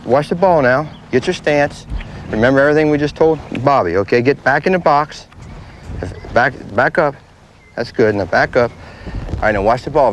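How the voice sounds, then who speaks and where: A man coaching children on a baseball field, giving plain, repetitive instructions. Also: medium pitch. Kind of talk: outdoor coaching demonstration. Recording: faint background noise from a 1980s tape.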